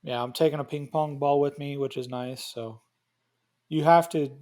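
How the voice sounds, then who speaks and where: A man's voice: fairly high pitch, steady tone, moderate pace, darkish tone. A man on a podcast as a guest in casual chat, laid-back and joking.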